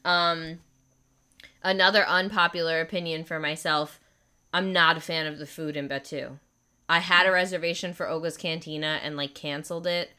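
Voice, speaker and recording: A young woman with a low, bright and clear voice chats eagerly about her favorites, filling her sentences with "like." She sounds crisp and forward, relaxed in casual conversation. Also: normal speed. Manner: chatty, enthusiastic, lots of "like". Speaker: podcast host. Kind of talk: casual chat.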